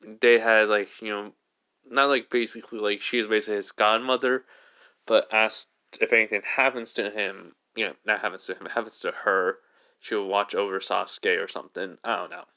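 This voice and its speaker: Male fan storyteller, low smooth voice, loose and rambling delivery. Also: level tone, moderate pace, bright, forceful tone. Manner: rambling, full of "basically" and restarts. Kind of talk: improvised story narration.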